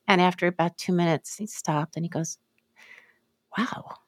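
A middle-aged woman co-hosting a podcast, chatting in an animated way with many restarts and asides. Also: lowish voice, a little fast, dry recording, clean studio sound. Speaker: podcast co-host. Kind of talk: casual chat.

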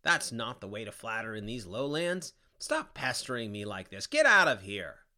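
A man voicing a weeping, cursing male traitor frozen in ice, shouting shrilly in a dramatic poetry reading. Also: medium pitch, lively intonation, moderate pace. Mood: snarling.

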